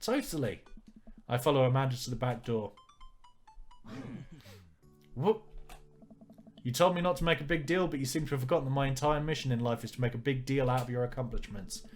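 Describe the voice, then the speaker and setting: A man's voice: mid-range voice, brisk, long pauses, faint music behind. A man reading a visual novel aloud and commenting on it with dry jokes. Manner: wry, joking asides. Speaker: let's player.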